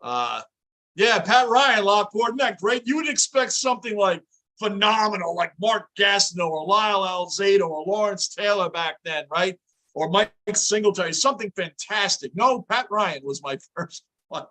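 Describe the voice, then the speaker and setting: A middle-aged man with a high voice and a bright, forceful tone hosts a sports fan livestream. He talks casually and in an animated way, cheering the players and answering viewer questions as they come in. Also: moderate pace. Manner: animated, chatty, reads viewer comments aloud. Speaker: livestream host. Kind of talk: casual fan reaction chat.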